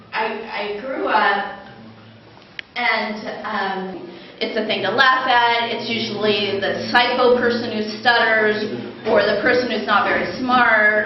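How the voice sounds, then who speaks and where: A woman's voice: mid-range voice, a little hiss or hum. A woman who stutters, speaking at a conference about her life, with speech and repeated words and restarts. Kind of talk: personal talk about stuttering. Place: large echoey conference hall. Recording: echoey, dull lo-fi hall recording.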